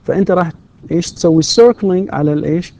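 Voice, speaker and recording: A man's voice: fairly high pitch, rapid-fire, creaky, mellow. A man giving a university English lecture, switching between explanations and English example questions. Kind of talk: recorded distance-learning lecture.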